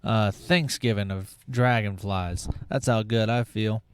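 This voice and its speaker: Unhurried and fairly even in intonation, this podcast host has a lowish, clean-toned male voice. His comedic monologue is loose and profane, drifting through tangents and frequent restarts.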